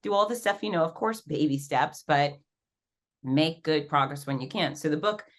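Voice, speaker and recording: A woman guest on an interview podcast telling her story in a lively, animated way, acting out quoted voices with big jumps in pitch. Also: moderate pace. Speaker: podcast guest, fitness professional and race announcer.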